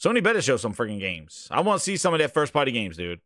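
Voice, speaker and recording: A man hosting a casual livestream, ranting about games in a profane, excitable way with frequent laughter. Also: medium pitch, quick pace, no room sound, studio quality. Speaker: gaming news streamer.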